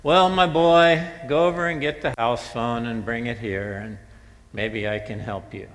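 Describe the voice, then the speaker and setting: A man's voice: mid-range voice, measured pace, natural voice. A man voicing a dry, commanding old great-grandfather teaching a lesson. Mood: deadpan. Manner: commanding, deadpan. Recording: long church-hall reverb.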